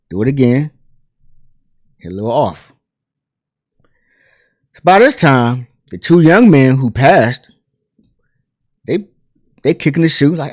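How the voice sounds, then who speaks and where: A man hosting a pop culture commentary channel, telling a story in a chatty, animated way full of asides and fillers. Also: mid-range voice, measured pace, long pauses, no room sound, clean studio sound. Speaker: host.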